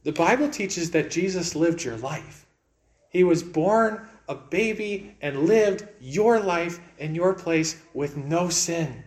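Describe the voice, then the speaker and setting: A man delivers a sermon in a slightly higher-than-usual voice. He is earnest and often repeats his words. His delivery swings widely, climbing to raised emphasis and then sinking low and quiet. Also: lively intonation, takes it slowly. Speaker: preacher.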